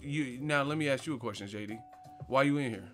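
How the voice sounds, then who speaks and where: A man's voice: medium pitch, a little fast, fairly bright tone, soft background music. Brash, profane man trash-talking on a live stream. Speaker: boxing channel host answering live chat. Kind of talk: live stream commentary, reading chat questions.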